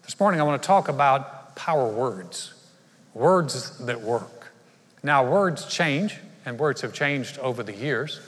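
A man's voice: mid-range voice, animated, measured pace, fairly bright tone. A man, a pastor giving a conversational, humorous sermon in a large church. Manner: conversational storytelling with humor and asides. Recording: live church hall reverb.

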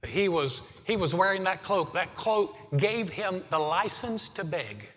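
A man preaches a sermon in a slightly higher voice, his delivery climbing in intensity as he drives each point home. He stumbles over repeated words when emphatic. The sound rings with the long reverb of a church hall. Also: animated, slow, fairly bright tone. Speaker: pastor.

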